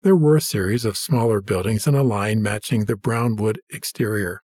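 A man reading a story aloud in steady scripted narration, shifting his voice for the characters' lines. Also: on the low side, normal speed, breathy edge, dry recording, clean studio sound. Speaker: audiobook narrator.

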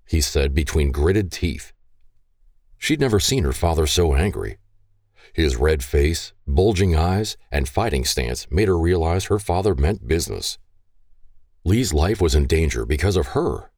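A man narrating an audiobook in a measured, expressive storytelling manner. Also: very deep voice, no echo, studio quality.

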